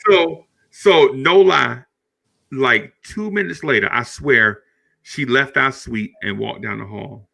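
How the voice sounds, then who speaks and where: A middle-aged man hosting a podcast. He tells a story in a casual, animated way, laughs often and keeps repeating words. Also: medium pitch, takes it slowly, creaky. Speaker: podcast host.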